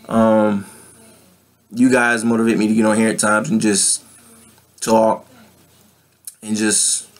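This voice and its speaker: Sassy, blunt man vlogging. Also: fairly low pitch. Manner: blunt, profane and sassy, then heartfelt. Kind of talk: casual vlog chat to viewers.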